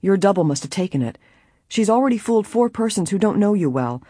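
A reader voicing a troubled, measured middle-aged lawyer father in an audiobook. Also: medium pitch, sing-song, warm tone, breathy edge, no echo, clean studio sound, voice pushed up.

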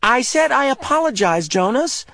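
A man voicing an irritable, bossy preteen boy in a storybook reading, loud and shrill. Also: big pitch swings, moderate pace, creaky, no room sound, clean studio sound, heavily acted. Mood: grudging.

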